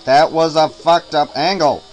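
A man's voice: on the high side, steady tone, measured pace, low-quality recording. A man giving casual commentary while playing a hard game, frustrated, swearing, and muttering and humming to himself while worn out from staying up all night. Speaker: let's player. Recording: game music loud underneath. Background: game music.

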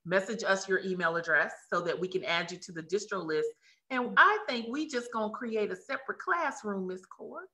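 A woman hosting a live webinar over a video call, excited and effusive, with many restarts. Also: medium pitch, moderate pace. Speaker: webinar host.

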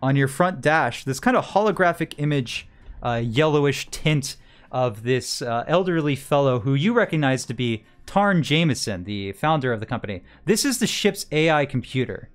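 A man's voice: medium pitch, expressive, normal speed. A man narrating a tabletop game as game master, rambling through his descriptions with frequent fillers and restarts.

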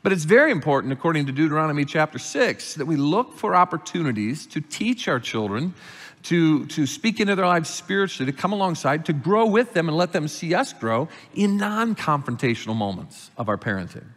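Male pastor, middle-aged, higher-pitched, sermon with long church reverb. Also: fairly quick. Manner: explains scripture calmly, rises in pitch and volume reading verses. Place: church sanctuary.

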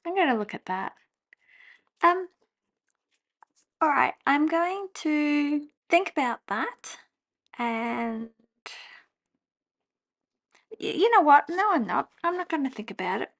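A woman, chatting casually at her desk as she journals, laughing often and breaking into excited exclamations. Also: high voice, measured pace, long pauses. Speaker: journaling vlogger. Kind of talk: casual chat while journaling. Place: home desk.

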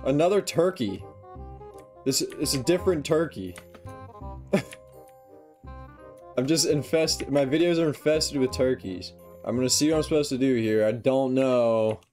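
A man's voice: medium pitch, unhurried, long pauses. Young guy yapping over his gameplay, jumpy and self-roasting, bit of music under it. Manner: excitable, self-mocking, yelps when failing. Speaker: gaming YouTuber. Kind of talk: casual gameplay commentary. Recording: faint music behind.

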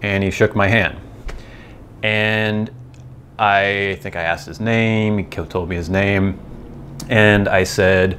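Host, American man, lowish voice, relaxed digressive ramble, faint room hum behind. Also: slow pace, long pauses. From United States. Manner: chatty, digressive, amused. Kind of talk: casual rambling monologue.

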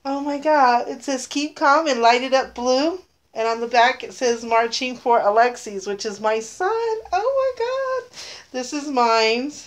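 A woman's voice: a little high, normal speed. A middle-aged woman talking casually in an unboxing vlog, gushing and emotional, close to tears. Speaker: vlogger.

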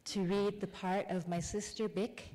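A woman author casting audience volunteers for a live reading, friendly and quick to laugh. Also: mid-range voice, little pitch movement, warm tone. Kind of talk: casual talk to a live audience. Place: public library event room. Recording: long hall reverb.

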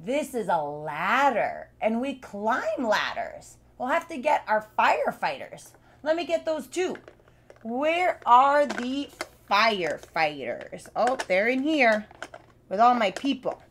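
A young adult woman teaching young children live, speaking slowly with exaggerated, repeated words for them to copy, her voice still not fully recovered. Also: a little high, big pitch swings. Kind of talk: live sing-song lesson for young children.

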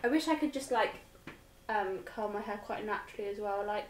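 A woman's voice: mid-range voice, brisk. A young woman chatting casually with a friend while doing her makeup, giggly, with the odd swear word. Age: young adult. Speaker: co-host. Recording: echoey room with faint noise.

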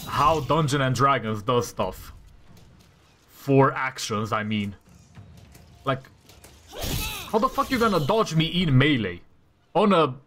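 A man's voice: medium pitch, bright, forceful tone, slight background noise. A man giving casual gameplay commentary, talking to himself and trash-talking enemies with lots of swearing. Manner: talks to himself, reacting to rolls. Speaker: gamer playing a tactical role-playing game.

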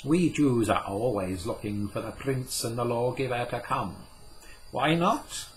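A man's voice: mid-range voice, a little slow, slight background noise, pitched above the performer's own voice, natural voice. A man putting on a proud, scornful medieval scholar. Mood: bitter, proud. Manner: declaiming, ringing, triumphant.

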